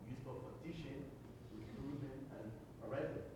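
A man's voice: medium pitch, normal speed. A man in a Bible class who cites scripture in a hesitant way. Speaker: class member. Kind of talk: classroom discussion. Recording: roomy, distant, noisy room.

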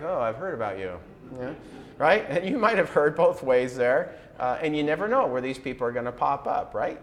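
A middle-aged man, a preacher, delivering a conversational sermon with rhetorical questions and a casual tone. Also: medium pitch.

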